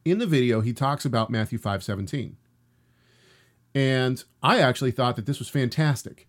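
A man's voice: mid-range voice, moderate pace. A man hosting a show, casually commenting on a video clip, with a hesitant way of talking. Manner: hesitant, many restarts and fillers. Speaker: host.

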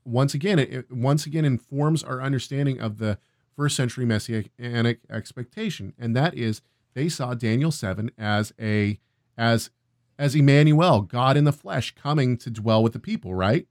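A man co-hosting a casual scripture discussion, reading passages aloud and thinking out loud, often checking in with "right?". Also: mid-range voice, normal speed, no room sound, clean studio sound. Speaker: co-host of a Bible discussion.

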